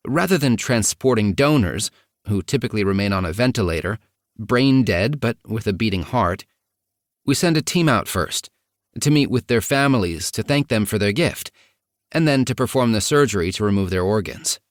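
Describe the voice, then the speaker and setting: A man narrating a first-person memoir audiobook in a measured, even reading. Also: fairly low pitch, dry recording, studio quality.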